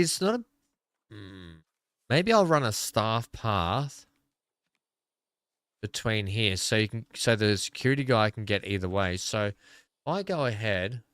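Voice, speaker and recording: A man's voice: on the low side, expressive, slow, pauses often, fairly bright tone, smooth, dry recording, clean studio sound. An Australian man giving casual, rambling gameplay commentary, thinking aloud as he plays. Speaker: gaming video creator.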